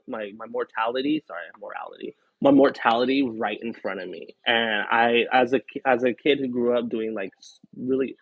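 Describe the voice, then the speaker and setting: A man on a live stream candidly relates a personal story in a loose, rambling chat packed with fillers. His voice is medium-pitched and gravelly, heard through a tinny, phone-like, dry sound with no room sound.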